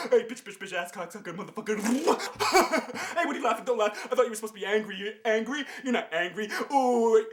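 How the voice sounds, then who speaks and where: A man playing a crude, goofy male lion, giggling and cursing through an improvised outtake. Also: high-pitched. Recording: noisy outtake footage.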